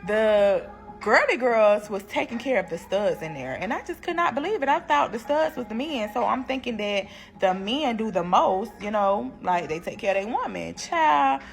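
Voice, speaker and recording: Animated young woman telling a story. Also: a little high, normal speed, gravelly, faint music behind. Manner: animated, slangy, laughs while telling. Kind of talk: storytime vlog.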